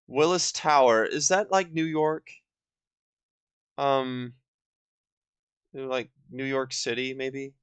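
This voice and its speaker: A young man in his twenties talks through a game at an unhurried pace, his voice smooth and clean. He rambles, stopping and restarting with plenty of fillers along the way. The sound is dry, with no room echo. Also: medium pitch, steady tone, fairly bright tone. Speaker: gaming video host. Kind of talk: casual let's-play commentary.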